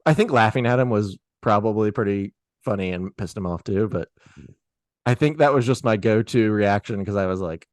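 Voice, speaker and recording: A man telling a story on a podcast in a casual, animated, profane way. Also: on the low side, normal speed, no room sound, clean studio sound.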